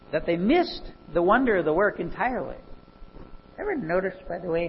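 A man preaching a sermon, animated and full of rhetorical questions. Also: a little high, lo-fi sound, slight background noise.

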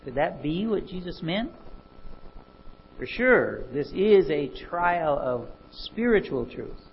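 A man preaching a sermon, animated and full of rhetorical questions. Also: on the high side, slow pace, dull audio, slight background noise.

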